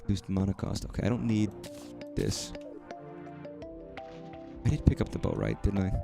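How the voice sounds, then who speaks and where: A young man streaming a game, swearing freely and talking excitedly to himself as he plays. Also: sits low, moderate pace, vocal fry, over music. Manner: profane, excitable, talks to himself while playing. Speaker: gaming streamer. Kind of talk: live gameplay commentary.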